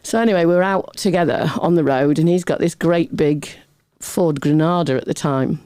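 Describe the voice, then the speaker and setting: A middle-aged woman with a warm, mellow voice spins one funny story after another as an interview guest. Her delivery is chatty and self-mocking, and she laughs easily between lines. The sound is close and dry, with no room in it. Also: deep voice, normal speed, no room sound. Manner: chatty, animated anecdotes with laughter; self-deprecating humor.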